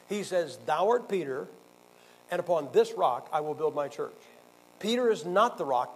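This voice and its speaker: A male pastor leads a Bible class in a combative, sarcastic way, firing questions at his listeners. His voice sits fairly high for a man. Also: poor audio. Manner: combative, sarcastic, quizzes the audience.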